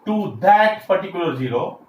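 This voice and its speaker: A man's voice: high-pitched, animated, moderate pace, a little mellow. A man teaching a classroom lecture, explaining step by step with frequent fillers and restarts. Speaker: engineering lecturer. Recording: echoey room, faint background hiss.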